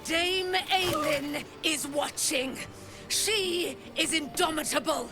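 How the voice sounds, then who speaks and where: A woman's voice: high-pitched, slow, music in the background. An actress playing a proud, indomitable female paladin in a video game, speaking in a grand, declamatory way. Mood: proclaiming. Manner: grand, declamatory, archaic phrasing.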